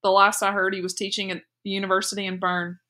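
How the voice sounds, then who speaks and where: A man's voice: high-pitched, completely flat delivery, quick pace, bright, forceful tone. A woman reading the part of a nervous young army lieutenant who answers in an anxious, hesitant way, in a read-aloud story.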